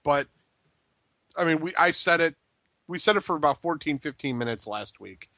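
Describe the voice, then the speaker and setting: A man's voice: a little high, animated, moderate pace, sharp tone, no room sound. A man co-hosting a podcast, talking casually with stops and restarts. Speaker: podcast co-host.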